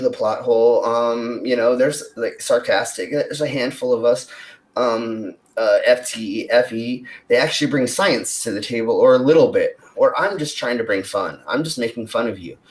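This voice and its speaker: Male co-host, casual chat, rambling delivery full of fillers. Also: medium pitch. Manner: rambling, many fillers and restarts. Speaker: podcast co-host. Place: Denver, United States.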